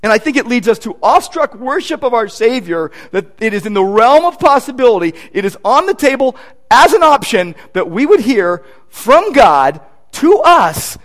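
Male pastor, sermon delivery, high voice with wide lively swings, emphatic, repeats words when building. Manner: animated, emphatic preaching with quick asides and repeated words.

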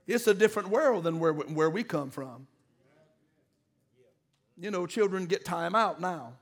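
A middle-aged pastor preaching a sermon, calling out to the congregation and building to emphatic peaks. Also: male voice, high voice, animated, measured pace, long pauses, a bit bright. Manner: call-and-response preaching, rising to emphatic peaks.

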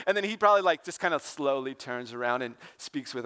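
A man preaching as a youth pastor in a church, loose and joking, tossing in "right?" and "like" as he goes. His voice sits high and comes across smooth and clear. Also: fast talker, few pauses, bright, forceful tone. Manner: informal and joking, with lots of "like" and "right?". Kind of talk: casual sermon talk.

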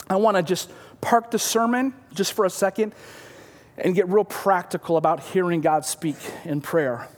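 High-voiced male pastor in a reverberant hall. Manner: earnest, repeats words, drops to a whisper for emphasis. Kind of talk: sermon.

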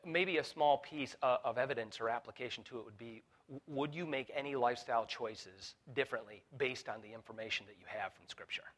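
A man preaching a sermon as pastor, building to fervent peaks, with halting restarts and fillers along the way. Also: mid-range voice, a bit bright. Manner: preaching with rising intensity, voicing Jesus in quotes.

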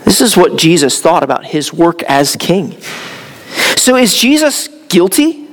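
A man's voice: high-pitched, very animated, measured pace, a little hiss or hum. A man preaching an expository sermon in a church, earnest and explanatory, with occasional stumbles and restarts. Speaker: pastor. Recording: long hall reverb.

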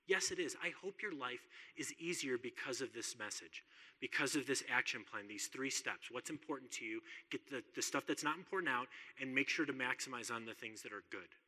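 A man's voice: mid-range voice, sharp tone, in a large hall. A man preaching a sermon in an earnest, conversational way, often repeating words as he makes a point.

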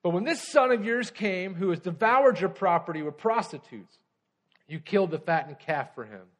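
A man's voice: high voice, lively intonation, normal speed. A man voicing a bitter, resentful older brother who complains indignantly as a sermon reads out a story.

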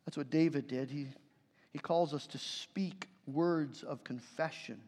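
A man preaching a sermon as a pastor, earnest, swinging between forceful passages and hushed ones. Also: on the high side, measured pace. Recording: long reverb of a large hall.

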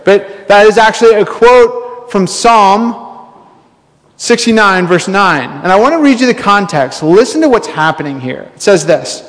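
Male pastor, high-pitched, casual storytelling sermon delivery, heavy hall reverb. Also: lively intonation, measured pace, fairly bright tone. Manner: casual, storytelling, many fillers. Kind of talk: conversational sermon.

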